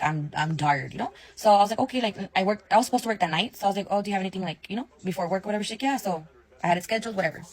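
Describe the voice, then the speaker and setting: A woman's voice: mid-range voice, poor audio. A young woman telling a story in a casual rant, blunt and swearing often, acting out both sides of her conversations.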